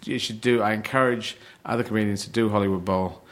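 Speaking quickly in a steady, low-leaning voice, a middle-aged man from England chats as a comedian guest on a podcast. He rambles and laughs while talking, frequently starting his sentences over.

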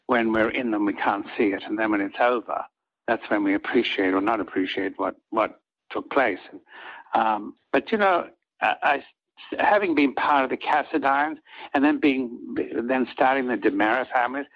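Older guy, husky voice, rambling soap stories in an interview, kinda muffled lo-fi sound. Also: mid-range voice, normal speed. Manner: rambling, acts out quoted lines of others. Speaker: soap opera actor, guest. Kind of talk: anecdotal storytelling in an interview.

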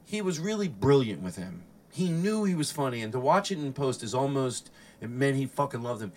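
A man's voice: medium pitch, brisk, far from the mic. A man hosting a comedy podcast, telling stories in a casual chat, acting out quotes and swearing freely. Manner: animated storyteller who acts out quotes, swears often.

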